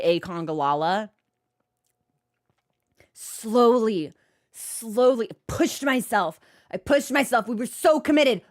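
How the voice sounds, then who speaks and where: A woman's voice: fairly high pitch, fairly bright tone. A woman streamer telling a comic story in a casual, profane, exasperated way, exaggerating for laughs.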